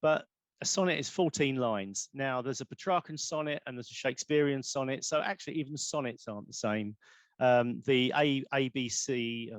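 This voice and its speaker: A man's voice: mid-range voice, no echo. A man, poet in residence, giving a rambling, self-correcting online talk on poetry forms over a video call.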